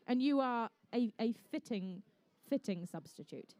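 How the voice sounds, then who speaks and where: New woman, event MC. High, bright, enthusiastic, jokes between play-by-play; dry, close sound. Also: expressive, a little slow, dry recording. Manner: bubbly, jokey, enthusiastic. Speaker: event commentator and MC. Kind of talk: live competition commentary with playful banter.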